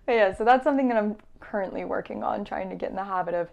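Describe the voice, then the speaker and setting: A young woman student co-hosting a podcast, chatting in a relaxed, jokey way and giggling often. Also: medium pitch, very fast, vocal fry, muffled recording. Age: young adult. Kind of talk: casual podcast chat.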